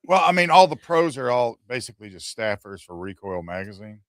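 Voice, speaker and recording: A man's voice: medium pitch, very animated, brisk, fairly bright tone, no echo. A middle-aged man and radio host, talking in a studio with dry, sardonic humor. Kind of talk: casual radio banter.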